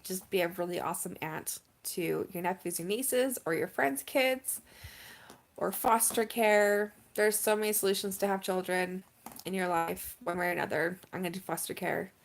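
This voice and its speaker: A woman's voice: on the low side, gravelly. Chatty young woman giving candid advice. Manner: candid, chatty, quick swings between earnest advice and excitement. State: emotional, near tears. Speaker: vlogger. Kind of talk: casual talk to camera.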